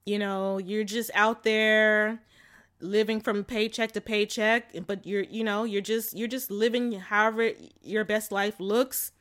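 A woman in casual vlog mode giving frank relationship advice at a middle pitch. She talks loosely and candidly, scattering "like" and "you know" through her sentences. She laughs often and drops into slangy phrasing. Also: level tone, a little slow, fairly bright tone. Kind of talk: casual chat to camera.

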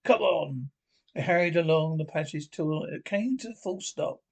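Man reading a storybook aloud, halting. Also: fairly high pitch, poor audio. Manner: halting, with frequent restarts and slips. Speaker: reader.

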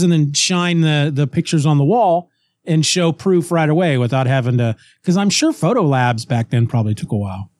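A man co-hosting a podcast, casually retelling a comic story with lively restarts and snippets of character voices. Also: on the high side, moderate pace, no room sound, studio quality. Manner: animated retelling, acts out characters' lines, frequent restarts. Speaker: podcast co-host.

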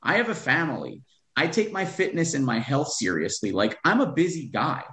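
A man's voice: medium pitch, very animated, normal speed, a bit bright, reverberant. A man who is a real estate investor, talking bluntly with profanity as a podcast guest. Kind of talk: podcast interview.

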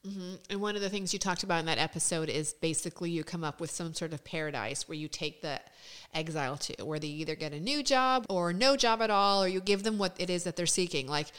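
A woman's voice: lowish voice, brisk, a bit bright, smooth. A woman in her thirties hosting a casual podcast conversation, explaining things candidly and swearing freely. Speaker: podcast host.

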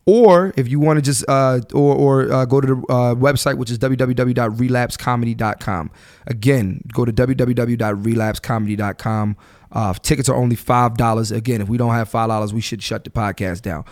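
A man in his thirties hosting a solo podcast, ranting bluntly in casual slangy talk and swearing freely, his voice jumping higher when he gets fired up. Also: fairly quick. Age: 30s. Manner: animated, voice jumps up high when fired up. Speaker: podcast host.

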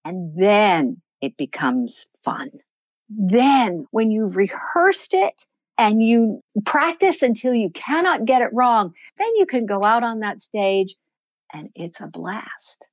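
A woman answering interview questions as a voice and performance coach, explaining in a measured, instructive way. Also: mid-range voice, animated, no echo, lo-fi sound. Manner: measured, instructive, slows to stress points.

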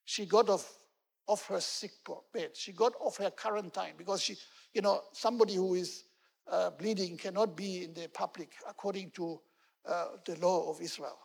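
A man's voice: high-pitched, steady tone, normal speed, creaky, long reverb tail. A man preaching a sermon as pastor, telling the story earnestly and repeating key words for emphasis. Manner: earnest storytelling, fillers like "you know", emphatic repetition.

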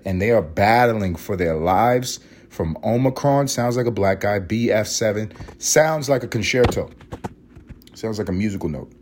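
A man's voice: lowish voice, a little mellow, slight background noise. A young man hosting a solo podcast while sick with a cold, sniffly and congested, ranting in a sarcastic, profane, casual way. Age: young adult. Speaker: podcast host.

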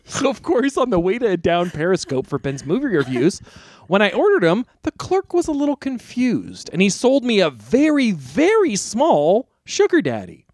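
A man co-hosting a comedy podcast, telling a silly story in a wry, deadpan way. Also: high voice, normal speed, dry recording. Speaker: podcast co-host.

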